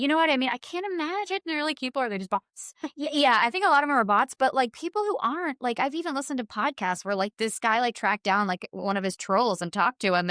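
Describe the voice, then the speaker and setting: Chatty woman with a smooth clear voice. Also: a little high, brisk, dry recording, clean studio sound. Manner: chatty, filler-heavy, animated quoting. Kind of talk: casual chat.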